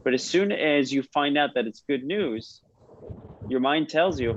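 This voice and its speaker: Man, religious teacher, conversational storytelling, asks the class questions, mid pitch, slightly dull sound. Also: lively intonation, brisk. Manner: conversational, with frequent restarts and rhetorical questions. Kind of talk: informal religious lesson with stories. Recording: slightly muffled recording with faint noise.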